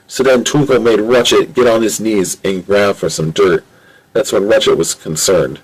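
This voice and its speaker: A man's voice: lowish voice, fairly even intonation, moderate pace, slightly rough, poor audio. A man reading his own adventure story aloud on a home microphone, in plain, repetitive narration. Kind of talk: amateur audiobook reading.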